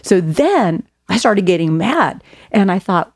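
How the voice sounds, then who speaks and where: A woman's voice: mid-range voice, unhurried, no room sound, studio quality. A middle-aged woman, a guest author and speaker, telling stories in casual conversation and laughing at herself now and then. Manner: animated storyteller, laughs at herself.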